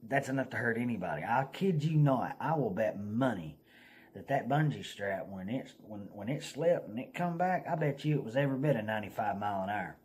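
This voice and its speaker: This Southern US man speaks fairly quickly at a medium pitch, laughing as he spins a lively, folksy tale for his casual vlog.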